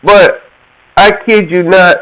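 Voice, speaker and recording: Man in his forties, high lively voice, slow storytelling, laughs a lot. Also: rough recording. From Georgia, USA. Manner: animated, laughs often, acts out quoted voices. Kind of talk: casual storytelling monologue.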